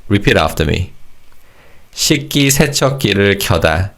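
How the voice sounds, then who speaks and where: In a recorded language lesson, a man encourages learners and models words slowly so they can repeat them. His voice sits on the low side, expressive and creaky, with a slightly bright quality.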